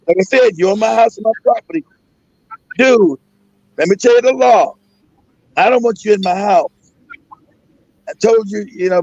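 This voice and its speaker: High-pitched and without echo, this middle-aged talk show host rants emphatically on a casual show, full of profanity and repetition. The recording has a dull, lo-fi quality.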